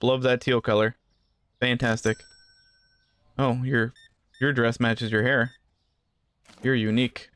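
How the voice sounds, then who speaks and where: A man's voice: mid-range voice, a bit bright, smooth. A man giving casual gameplay commentary, rambling through asides and joking with the customers in the game. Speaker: gaming channel host.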